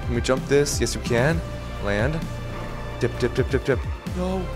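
A young man playing a robber in a role-play game, giving excitable, joking commentary to himself while he drives. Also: medium pitch, a little slow, over music. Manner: excitable, jokey, talks to himself while driving.

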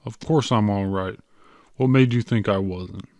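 A man's voice: on the low side, unhurried, a little mellow, no room sound. A man reading an audiobook, voicing a weary, bitter young bank clerk who scoffs at everything.

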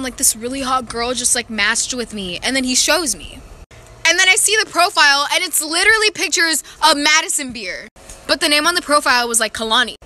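A woman's voice: sits high, sharp tone. A woman telling a family story in a slangy, sarcastic and mocking way. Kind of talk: casual storytime.

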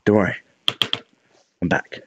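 A man's voice: measured pace, highs cut off, background noise. A man out of breath, giving jittery live commentary on a horror game, talking to his character and dropping to whispers. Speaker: let's play streamer.

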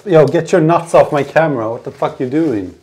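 A man's voice: a little high, a little fast, darkish tone, breathy edge. A man joking and rambling to the camera between sets at the gym, swearing as he goes. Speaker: gym vlogger. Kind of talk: casual muttering gym vlog.

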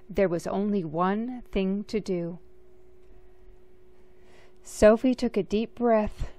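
A woman reading a children's picture book aloud, slow and expressive. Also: mid-range voice. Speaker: storybook reader.

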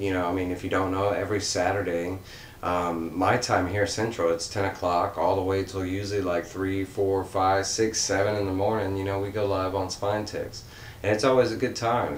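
Deep-voiced man rambling in a roomy echo. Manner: rambling and earnest, many fillers and restarts. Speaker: comics channel host. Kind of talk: casual vlog shoutout. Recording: roomy echo with faint rumble.

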